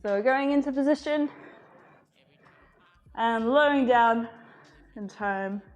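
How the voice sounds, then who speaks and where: Slow-paced woman fitness coach. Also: fairly high pitch, lo-fi sound. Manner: slow, calm cueing with frequent laughter. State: slightly out of breath. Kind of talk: live-streamed workout instruction.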